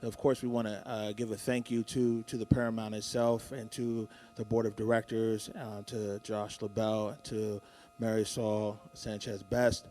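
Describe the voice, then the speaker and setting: A man's voice: lowish voice, little pitch movement, moderate pace, mellow, a little hiss or hum. Casual man hosting a live morning show. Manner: casual, hyping, lists names. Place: theater stage.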